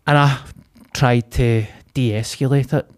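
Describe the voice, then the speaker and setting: A man's voice: medium pitch, steady tone, slow pace. A man, co-hosting a podcast and telling a vivid, sweary story in casual chat. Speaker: podcast co-host.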